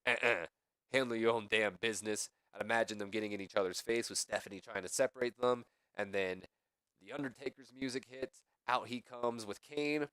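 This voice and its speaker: A man's voice: medium pitch, brisk, fairly bright tone, clear, resonant tone, dry recording. A young man giving casual game commentary, thinking aloud and rambling with lots of "pretty much.". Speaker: let's play commentator.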